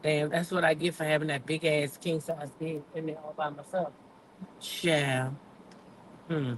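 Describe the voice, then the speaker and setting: A woman's voice: low-pitched, flat delivery, unhurried, a little hiss or hum. An older woman hosting a casual gossip livestream, chatty and blunt, swearing freely, repeating points for emphasis and talking straight to her viewers. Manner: talks directly to live chat viewers. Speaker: gossip show host.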